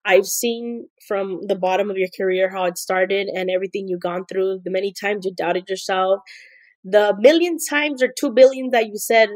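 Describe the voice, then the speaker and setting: A woman guest who works as the host's assistant, speaking in heartfelt casual chat, halting and repeating words. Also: mid-range voice, fairly even intonation, dry recording, poor audio.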